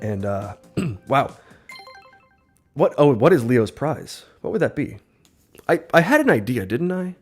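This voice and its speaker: A man giving upbeat, excitable live play-by-play commentary on his own gaming stream, his voice a little worn. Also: mid-range voice, a little slow, pauses often, slightly rough. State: voice slightly worn. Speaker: livestreamer. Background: faint game music.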